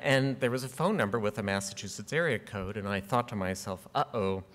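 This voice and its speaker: A middle-aged man with a fairly low voice delivers an acceptance speech at a podium. He talks in a measured, earnest way, often pausing on "um", and slips in dry humor. His voice carries a long reverb from a large hall. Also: expressive, a bit bright. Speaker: award recipient giving an acceptance speech.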